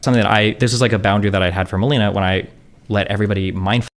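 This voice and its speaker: A man's voice: lowish voice, steady tone. A man in a casual, rambling monologue, answering chat questions and swearing freely, with constant fillers. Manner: rapid, profane, heavy on fillers like "like" and "um".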